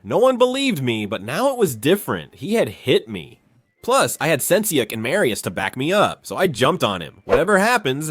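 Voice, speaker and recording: This is a young man telling a childhood story in a chatty, animated way. His voice sits a little high and moves a lot in pitch. The recording is dry and close. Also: dry recording. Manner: animated, conversational. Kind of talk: casual storytime narration.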